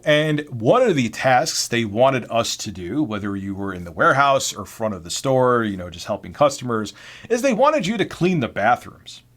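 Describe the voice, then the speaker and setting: A man's voice: medium pitch, fairly bright tone. A man in his forties telling a personal story in a blunt, sarcastic way, with casual swearing. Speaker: YouTube host.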